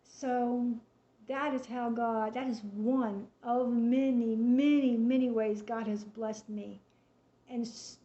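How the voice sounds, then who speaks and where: High-voiced woman telling a faith story. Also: slow pace. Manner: chatty, animated retelling with quoted dialogue. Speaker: storyteller sharing a faith testimony. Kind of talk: casual spoken testimony. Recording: echoey room, dull lo-fi sound.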